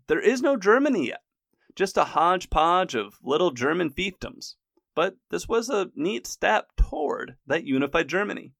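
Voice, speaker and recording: Irreverent guy telling history, gravelly, bit high voice, dry sound. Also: fairly bright tone, no echo. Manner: irreverent, wry, occasional swearing. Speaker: history narrator. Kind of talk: casual history narration.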